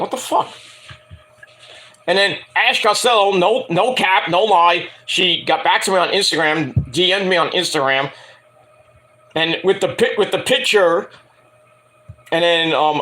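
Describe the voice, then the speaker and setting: New dude hosting his review show, chatty rant, swears a lot, acts out the quotes. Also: a little high. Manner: animated, self-deprecating, swears freely, acts out quotes. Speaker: wrestling review show host. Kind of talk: casual rambling monologue.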